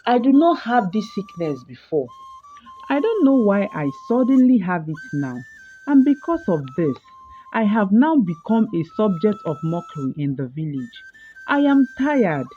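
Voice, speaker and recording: A man's voice: high-pitched, very animated, measured pace, muffled recording, soft background music. A woman voicing a sad, ashamed young prince in a storybook tale, speaking in a weary, pleading way.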